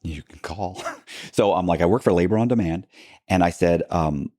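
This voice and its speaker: Man, low voice, animated storytelling, quoted dialogue, dry close sound. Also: moderate pace, no room sound. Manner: animated retelling with quoted dialogue and frequent restarts. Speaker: podcast guest, former con man. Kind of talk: storytelling in a long-form interview.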